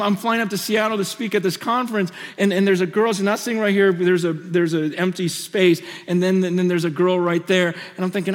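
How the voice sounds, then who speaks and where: A man preaching a sermon through personal stories, impassioned and swinging between loud and hushed, on a large hall stage. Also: high-pitched. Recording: long hall reverb.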